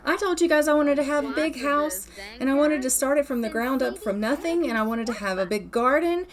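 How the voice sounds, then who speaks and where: A woman voicing an indignant teenage girl in a life-sim game story, talking in animated, exclamatory bursts. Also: unhurried, natural voice. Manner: animated, exclamatory, rising pitch.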